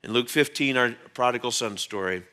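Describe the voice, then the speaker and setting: A male pastor preaching a church sermon in a conversational, animated storytelling manner. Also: medium pitch, brisk, clear, resonant tone. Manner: animated storyteller, acts out quotes in changing voices; conversational, with fillers and restarts.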